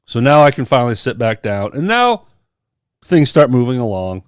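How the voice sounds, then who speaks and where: A man's voice: medium pitch, big pitch swings, normal speed, clean tone, dry recording, studio quality. A man on a podcast telling a personal story in casual chat, acting out the people he quotes. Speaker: podcast co-host.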